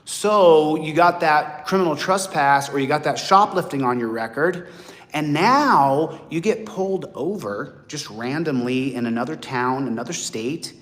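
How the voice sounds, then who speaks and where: A man in his late forties talking to viewers in a blunt, animated monologue, acting out other people's voices. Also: a little high, a little slow. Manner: blunt, profane. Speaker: host. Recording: long hall reverb.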